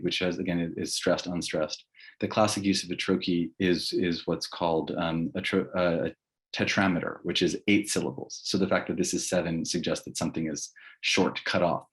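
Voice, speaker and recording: A man giving a public lecture on poetry, explaining in an academic, thinking-aloud way. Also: low voice.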